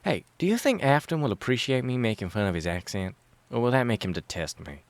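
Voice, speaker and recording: A man's voice: medium pitch, sing-song, a little fast, no room sound, voice pushed up. A man reading a storybook and voicing a tired, sardonic young man who speaks dryly and a little hesitantly. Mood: wry.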